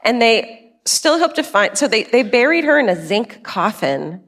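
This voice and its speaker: A woman's voice: a little high, big pitch swings, moderate pace, a bit bright. A woman co-hosting a live comedy true-crime podcast on a theater stage, telling a story with lots of laughter and casual swearing. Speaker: podcast co-host. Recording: reverberant theater hall with faint crowd.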